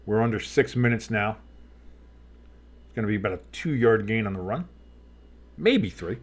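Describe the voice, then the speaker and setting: A man calling a game play-by-play as a fan commentator, rambling and joking with profane asides, saying he has had too much coffee. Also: mid-range voice. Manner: says he is talking fast on too much coffee.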